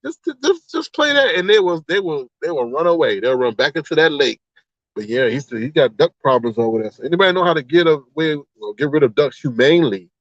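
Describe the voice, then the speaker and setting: A man hosting a livestream, chatting casually in a rambling, animated way, exclaiming and laughing often. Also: fairly high pitch, quick pace, no echo. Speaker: livestream host. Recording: slightly dull, dry sound.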